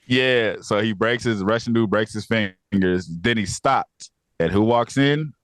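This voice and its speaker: A man's voice: on the low side, unhurried, fairly bright tone, no echo, studio quality. A man co-hosting a casual review podcast, retelling plot with quoted lines and frequent laughs. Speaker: podcast co-host.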